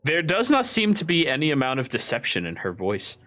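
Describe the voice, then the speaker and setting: A game master man runs the table with a somewhat high voice and a wildly swinging pitch. He laughs often and jumps into squeaky character voices. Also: huge pitch swings, brisk, a bit bright, faint music behind.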